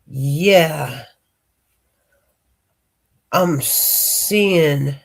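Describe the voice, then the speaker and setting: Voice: medium pitch, very slow, vocal fry. A livestream host chatting casually with viewers and greeting them by name, congested from a cold and rambling between topics. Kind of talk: casual chat.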